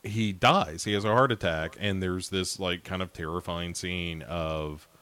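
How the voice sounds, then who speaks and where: A man's voice: low-pitched, unhurried, a bit bright. A man hosting a podcast, chatting casually about films in a rambling, self-deprecating way. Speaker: podcast host.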